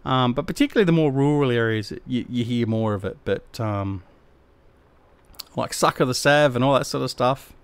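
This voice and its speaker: Australian man, middle-aged, casual live-stream chat, smooth voice, dry close sound. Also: mid-range voice, moderate pace, dry recording. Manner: laid-back, rambling, slangy.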